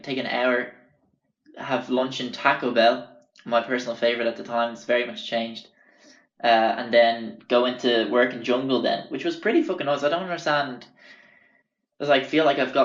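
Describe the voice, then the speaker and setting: A man's voice: mid-range voice, a bit bright, reverberant, muffled recording. An Irish man hosting a podcast, telling stories in a rambling, casual way and swearing freely. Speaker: podcast host. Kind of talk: casual storytelling.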